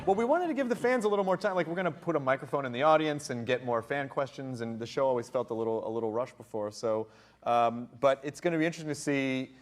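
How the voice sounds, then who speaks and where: A man's voice: mid-range voice, quick pace. A man hosting a talk show, chatting casually with a guest, bubbly and rambling. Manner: bubbly, rambling, laughing often. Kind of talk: casual interview chat.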